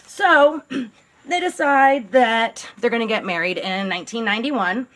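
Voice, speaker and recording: A woman's voice: on the high side, unhurried, a bit bright. A woman telling a true-crime story as a channel host, in a casual, blunt, sarcastic way, swearing now and then.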